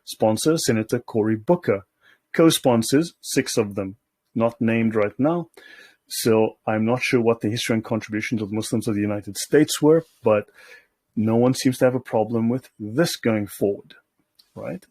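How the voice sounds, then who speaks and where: A male host talks through documents in a loose, sardonic commentary, constantly checking in with the listener. His voice is husky and a little breathy. The sound is dry and close, with no room around it. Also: mid-range voice, darkish tone, dry recording. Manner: sardonic, keeps checking in with "okay?". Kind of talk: casual commentary while reading documents aloud.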